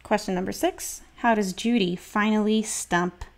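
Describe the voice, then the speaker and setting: A woman's voice: mid-range voice, fairly even intonation, normal speed. A woman teacher reading a children's book aloud and asking comprehension questions.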